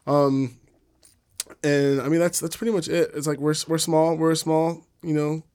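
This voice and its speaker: A man's voice: fairly high pitch, normal speed, clear, resonant tone, dry recording, studio quality. A man, a community organizer, speaking casually and a bit hesitantly with many fillers. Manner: relaxed, hesitant, full of fillers. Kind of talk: casual chat.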